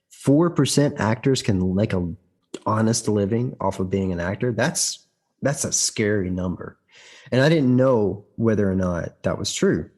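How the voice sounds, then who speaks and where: Husky man, restless storyteller. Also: fairly low pitch, a little slow, a little mellow. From United States. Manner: frequent restarts and repeated words; emphatic, heated when recounting conflict. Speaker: guest actor. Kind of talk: conversational storytelling.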